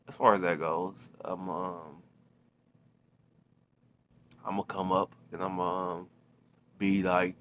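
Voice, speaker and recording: A man's voice: low-pitched, a little hiss or hum. Rambling slangy man telling a story. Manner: rambling, many fillers and restarts, slangy. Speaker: storytelling vlogger. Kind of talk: casual storytime.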